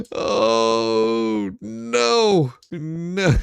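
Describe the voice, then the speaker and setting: Woman, very slow, gravelly, laughs a lot, dry close sound. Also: on the low side, expressive, no echo. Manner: laughing, reacts with exclamations. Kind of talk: casual reaction chat.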